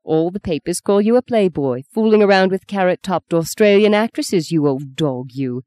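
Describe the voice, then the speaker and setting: A woman voicing a quick-tongued, teasing young actress in an audiobook reading. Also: lowish voice, animated, mellow, no room sound, clean studio sound, lightly acted. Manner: brisk, mocking, spirited.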